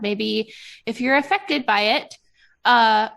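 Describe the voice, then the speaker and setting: A woman's voice: fairly high pitch, measured pace, gravelly, fairly bright tone. A young adult woman hosting a podcast, chatting casually and expressively, with a loose, profane way of talking. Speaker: podcast host. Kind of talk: casual chat.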